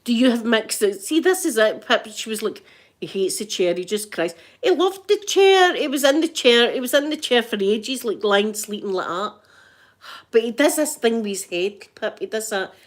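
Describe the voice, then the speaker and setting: A woman's voice: on the high side, normal speed. Chatty Scottish woman telling stories. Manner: animated storyteller, laughs often. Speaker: vlogger and grandmother. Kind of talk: chatty ASMR vlog.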